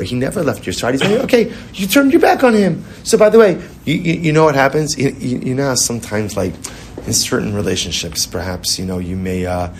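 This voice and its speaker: A man's voice: low-pitched, a little hiss or hum. A man teaching a Torah class in a conversational way, repeating phrases, asking rhetorical questions and mixing Hebrew terms into English.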